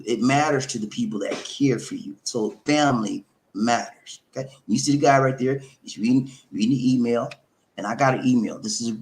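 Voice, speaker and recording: A middle-aged man hosting a live advice talk, preachy and repetitive, calling viewers his friends. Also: mid-range voice. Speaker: host of a relationship channel.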